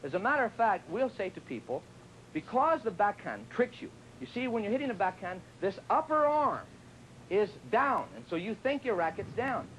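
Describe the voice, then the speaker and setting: The man teaching tennis on television speaks at normal speed in a high, very animated, somewhat bright voice. Chatting and joking, he sometimes plays out what students say; the recording is rough with slight background noise.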